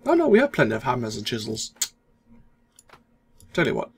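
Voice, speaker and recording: A man hosting a let's play, casually commenting on his gameplay in a relaxed, self-deprecating way, thinking aloud as he goes. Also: medium pitch, normal speed, a little hiss or hum.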